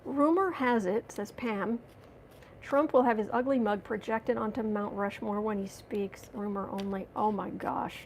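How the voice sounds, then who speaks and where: A woman's voice: medium pitch, measured pace, creaky, a little hiss or hum. A woman hosting a livestream as a tarot reader, chatting casually and sarcastically while reading out viewer comments.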